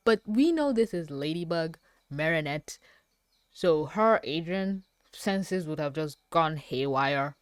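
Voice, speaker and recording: A woman's voice: sits low, expressive, a little slow, no room sound, clean studio sound. A woman reviewing a cartoon episode in reaction commentary, swearing freely, ranting, and often breaking into laughter. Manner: profane, laughing often, rants. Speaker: animated series reviewer.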